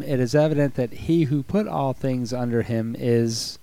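A man with a cold and a raspy voice, co-hosting a conversational Bible study and explaining verses step by step. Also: mid-range voice, moderate pace, mellow, dry recording. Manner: explains scripture step by step, affirming often. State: hoarse from a cold. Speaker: co-host of a Bible study show.

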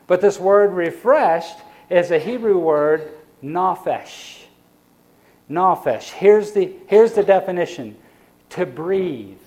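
A man preaching a sermon. He speeds up and slows down, and drops to a soft, quiet voice for quoted reflections. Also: fairly high pitch. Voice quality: sighs for emphasis. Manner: varies pace and loudness, slows on key phrases, drops soft for quoted reflections.

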